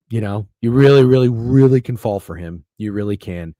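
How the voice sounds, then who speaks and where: A man's voice: on the low side, brisk, dark tone, dry recording. Rambling, profane sports-betting streamer man. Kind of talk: casual livestream chat.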